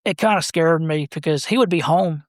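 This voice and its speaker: A man, a podcast guest telling stories about his brother in a halting, rambling way. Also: fairly high pitch, no echo, studio quality. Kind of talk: casual storytelling.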